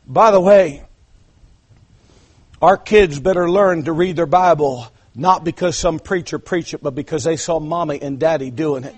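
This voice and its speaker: A man preaching an impassioned sermon, dropping to hushed asides and then building to shouted climaxes. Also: a little high, normal speed, breathy edge. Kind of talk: revival sermon.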